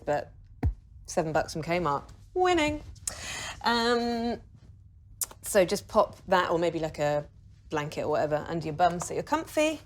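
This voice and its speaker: A woman's voice: low voice, a little mellow, slight background noise. Chatty woman leading meditation. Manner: chatty, laughing, swears casually. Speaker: meditation teacher. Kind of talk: casual guided meditation. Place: video shoot with a videographer.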